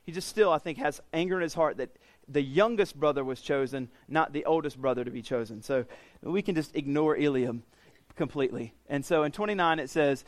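This Bible teaching comes from a man whose voice sits a bit high for a male, speaking fairly quickly. His delivery is casual, retelling the scripture in plain language with frequent restarts and repeated words. The audio is close-miked and dry with no reverb.

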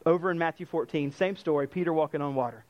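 Male pastor, fairly high voice, animated preaching style, dry close recording. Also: fast talker, no room sound, highs cut off. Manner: animated, acts out quoted lines. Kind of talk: sermon.

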